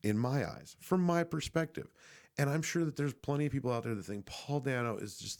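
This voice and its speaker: A man's voice: mid-range voice, fairly quick, a little mellow. A young man giving a casual, rambling movie review, swearing freely and restarting his sentences often. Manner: rambling, profane, frequent restarts and fillers.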